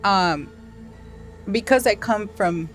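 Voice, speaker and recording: A woman hosting a podcast, chatting in a relaxed way and often answering with short agreeing sounds. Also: mid-range voice, slow pace, soft background music. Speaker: podcast host. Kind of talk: casual chat.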